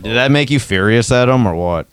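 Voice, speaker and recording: A man's voice: medium pitch, lively intonation, a little fast, clean tone. A man in casual conversation asking direct, blunt questions. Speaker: interviewer.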